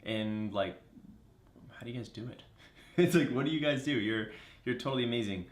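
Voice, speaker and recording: A man's voice: mid-range voice, fairly quick. A man co-hosting a live running show, upbeat and chatty, reading viewer comments and talking to the audience. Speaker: co-host. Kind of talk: casual live-stream chat. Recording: roomy echo.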